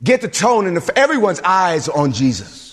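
A male pastor preaching a sermon in an animated way, repeating fillers as he speaks. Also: sits high, moderate pace, breathy edge. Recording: reverberant hall.

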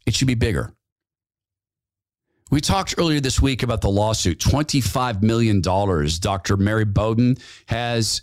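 A man's voice: medium pitch, dry recording. A man hosting a talk radio show, delivering a sarcastic, mocking opinion monologue and laughing at his own jabs.

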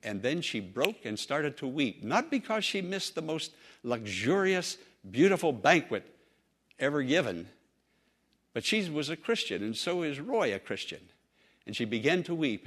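A male preacher telling a story in a sermon, earnest and emphatic, drawing out key phrases slowly. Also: fairly high pitch, sing-song, fairly bright tone.

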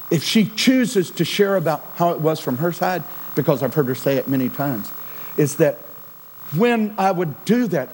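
High-voiced man preaching a sermon. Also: a little hiss or hum, low-quality recording. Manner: dramatic swings from loud to near-whisper. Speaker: pastor.

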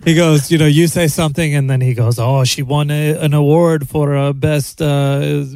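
An Australian man in his thirties, hosting a podcast, telling a story in casual, profane, animated chat and acting out the quotes. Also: on the high side, moderate pace, no room sound. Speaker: podcast host.

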